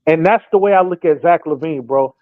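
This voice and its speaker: Young male sports podcaster, high voice, animated, dry tinny line. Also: brisk, no echo. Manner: acts out imagined quotes in put-on voices. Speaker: podcast co-host. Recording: thin phone-like sound.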